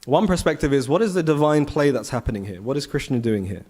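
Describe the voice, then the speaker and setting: A man giving a conversational scripture class at a temple, telling the story with rhetorical questions and animated asides. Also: mid-range voice, fast talker. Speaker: temple speaker. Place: temple hall.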